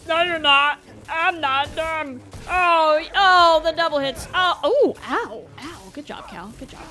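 A woman's voice: sits high, expressive, slow pace, sharp tone, soft background music. A woman giving jumpy, exclaiming commentary as she plays a video game and talks back to it. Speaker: gameplay streamer. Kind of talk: let's play commentary.

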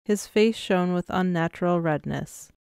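Smooth low-voiced woman narrating. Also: a little slow, darkish tone, no echo, studio quality. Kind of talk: scripted audiobook narration.

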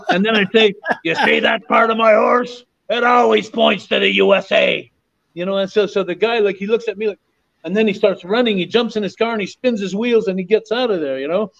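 A man from Canada, a former wrestler and podcast guest, telling stories in a lively way and repeating phrases for emphasis. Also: sits high. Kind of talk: animated storytelling. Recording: dull lo-fi audio.

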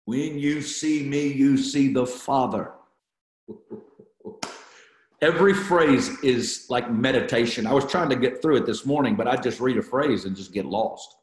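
A man's voice: mid-range voice, measured pace. Fervent man teaching scripture, roomy sound. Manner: fervent, repeats phrases for emphasis; talks to online viewers. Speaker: Bible study teacher. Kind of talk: online Bible study teaching.

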